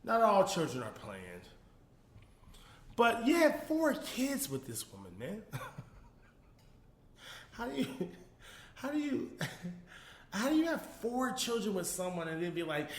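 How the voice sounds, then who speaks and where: Male commentary host, casual and lively, higher voice, roomy echoey sound. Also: unhurried, pauses often. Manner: animated, laughing often, addresses viewers as y'all. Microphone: phone.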